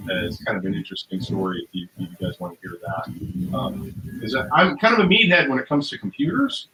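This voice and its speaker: A man, a musician guest, telling a story casually in a rambling way, with many fillers and acted-out quotes. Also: mid-range voice. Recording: roomy, noisy recording.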